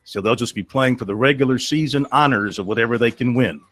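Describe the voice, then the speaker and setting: A man's voice: mid-range voice, fast talker, a bit bright, no echo. Man, sports radio host, folksy call-in talk, dry close studio mic. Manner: folksy, storytelling, with frequent fillers. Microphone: studio microphone.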